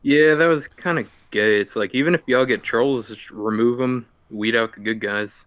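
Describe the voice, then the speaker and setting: A man's voice: mid-range voice, moderate pace, a bit bright, no room sound. A man calling into a livestream, talking casually and saying "y'all". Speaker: caller. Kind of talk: call-in on a livestream.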